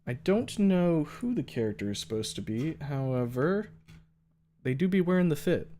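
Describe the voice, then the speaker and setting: A man's voice: a little high, big pitch swings, normal speed, mellow, slight background noise. A young man hosting a stream, chatting loosely and cursing often, with a lot of fillers. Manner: loose and profane, many fillers. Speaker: streamer host. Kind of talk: casual stream chat.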